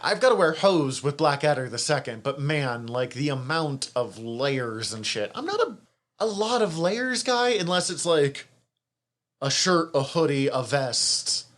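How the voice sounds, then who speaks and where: Lively, exclaiming man chatting casually. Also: fairly high pitch, measured pace. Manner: animated, swears often, exclaims loudly. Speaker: podcast co-host. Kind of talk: casual chat.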